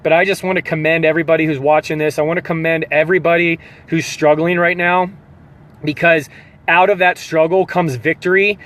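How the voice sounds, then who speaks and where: An earnest man in a motivational pep talk, his voice sitting fairly high for a man. He speaks like a fitness coach and drives his points home by repeating them. He sounds emotional, close to tears. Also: level tone, brisk, fairly bright tone. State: holding back tears.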